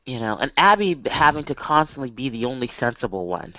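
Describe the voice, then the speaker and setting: A woman's voice: very deep voice, big pitch swings, fairly quick, sharp tone, no echo. A woman co-hosting a podcast in casual chat, blunt and exasperated, swearing freely. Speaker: podcast co-host. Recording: muffled dry podcast audio.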